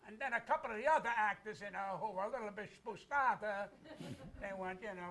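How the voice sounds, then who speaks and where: A brash older man spins comic stories about himself as a talk show guest. He repeats his punchlines for effect, and his voice sits high for a man. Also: a little fast, sharp tone, slight background noise. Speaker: comedian guest. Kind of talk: comic storytelling.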